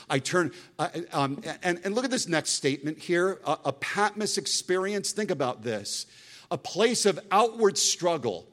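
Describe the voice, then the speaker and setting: A man preaching a sermon as a guest speaker, impassioned, swinging between loud emphatic lines and hushed, intense ones, and slowing into dramatic readings of scripture. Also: mid-range voice. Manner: quotes scripture in a slowed, dramatic read.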